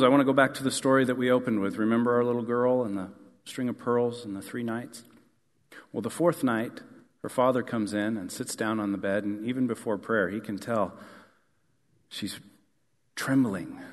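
A man with a lowish voice preaching an earnest sermon. He swells into emphatic questions and then settles back soft and close. His words ring out with the long reverb of a large hall. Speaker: pastor.

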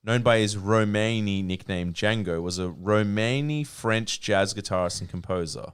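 A man's voice: on the low side, moderate pace, clean tone. A man co-hosting a podcast, chatting casually, joking and swearing. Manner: animated, swearing, jokey. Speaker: podcast co-host. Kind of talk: casual banter.

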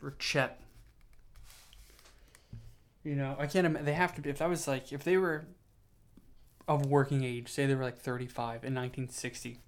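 A young man talks alone into his podcast mic, drifting from one tangent to the next. He sounds tired and low on steam, and he keeps stopping to restart sentences and poke fun at himself. His pitch sits in a plain middle range. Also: steady tone, moderate pace, long pauses. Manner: meandering, self-mocking, full of fillers and restarts. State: tired, yawning. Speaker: podcast host. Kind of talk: rambling solo podcast monologue.

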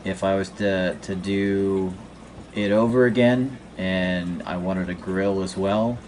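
A man's voice: deep voice, steady tone, slow, a little mellow, a little hiss or hum. A man chatting casually on a podcast, laid-back and brief in his replies. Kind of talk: casual chat.

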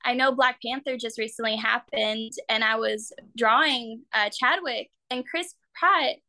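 A woman's voice: measured pace, pushed and bright, no room sound. A young woman, an actor and artist, chatting as an interview guest with lots of "like" fillers. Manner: chatty, full of "like" fillers, acts out quotes in high voices. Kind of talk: casual interview talk.

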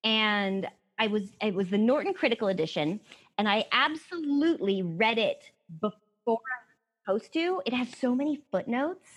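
A woman's voice: fairly high pitch, lively intonation, normal speed. A woman from Colorado co-hosting a casual book podcast, chatty and self-mocking, swearing freely. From Colorado, USA. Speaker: podcast co-host. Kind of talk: casual book-club chat.

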